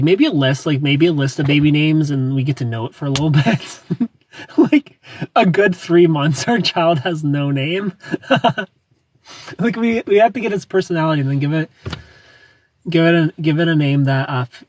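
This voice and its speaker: A man's voice: a little high, moderate pace, recorded from a distance, a little hiss or hum. A young man hosting a casual livestream, chatting and giggling as he greets viewers by name. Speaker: livestream host. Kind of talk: casual livestream chat reading comments.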